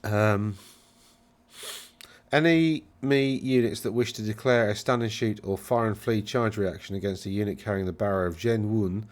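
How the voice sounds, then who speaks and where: A channel host reviews game rules in a casual commentary, speaking at a moderate pace in a voice on the low side. He rambles, corrects himself, and brushes things off with wry remarks.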